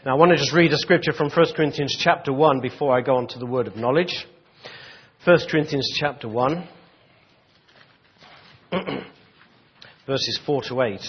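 A man's voice: medium pitch, normal speed, long pauses, breathy edge, highs cut off. A man preaching a sermon in a conversational way, full of restarts and "you know" asides, reading and explaining scripture. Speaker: pastor.

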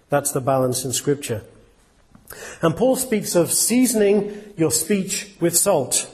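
A man's voice: on the high side, darkish tone. A man preaching a sermon in an earnest, plain-spoken way, asking his listeners rhetorical questions. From England.

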